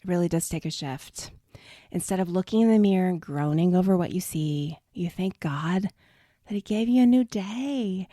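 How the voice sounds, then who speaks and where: Middle-aged woman host, lively pitch that swoops around, dry close sound, encouraging, leans into whispers. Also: moderate pace, no room sound. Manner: animated, encouraging, calls listeners "friend"; drops into soft whispers for emphasis. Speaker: podcast host and body image coach. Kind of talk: faith-based podcast talk.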